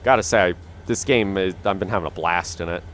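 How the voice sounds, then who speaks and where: Faint music plays behind a young gaming host as he rambles casually about his own gameplay, using many fillers and restarting often. He talks quickly in a low, fairly bright voice into a dynamic studio mic.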